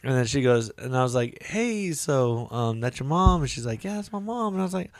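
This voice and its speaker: A man co-hosts a podcast, spinning a rambling, animated story at a fairly quick clip, peppered with "you know" and "right?", and he uses high voices when quoting people. It's casual storytelling chat with no room sound.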